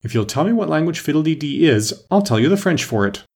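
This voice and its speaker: A man's voice: mid-range voice, big pitch swings, moderate pace, vocal fry, slightly rough, voice pushed up, exaggerated voice. A man voicing a polite, earnest young girl who answers carefully in a raised voice.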